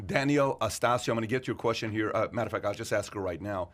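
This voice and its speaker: A man's voice: lowish voice, rapid-fire, a bit bright. A man with a foreign accent hosting a podcast, talking directly and conversationally. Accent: foreign, non-native English. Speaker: host.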